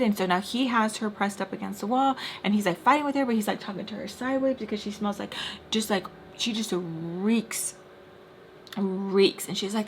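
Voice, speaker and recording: A woman's voice: medium pitch, brisk, a little hiss or hum. Young woman vlogger doing a storytime, super chatty and dramatic, says like a lot. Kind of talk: casual storytime while doing makeup.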